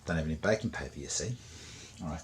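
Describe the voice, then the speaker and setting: A man hosting his outdoors vlog, relaxed and chatty as he explains things step by step at a campfire. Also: extremely low pitch, fast talker. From New Zealand. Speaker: outdoors vlogger host. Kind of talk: casual vlog narration.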